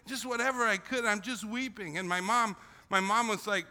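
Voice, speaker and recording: A man's voice: sits high, moderate pace, sharp tone. Older man with an emotional, repetitive storytelling style. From Philippines. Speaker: missionary speaker. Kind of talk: testimony talk to students. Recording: long hall reverb.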